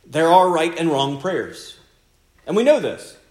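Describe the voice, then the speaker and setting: A man's voice: fairly high pitch, very animated, a little slow, darkish tone. A male pastor preaching a sermon in an earnest, conversational way, often repeating key phrases. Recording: echoey room sound.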